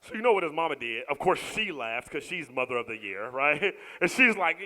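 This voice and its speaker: A middle-aged man doing a stand-up comedy set, who bursts into loud shouts when he acts out scenes. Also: fairly high pitch, sing-song, fairly quick, few pauses, low-quality recording.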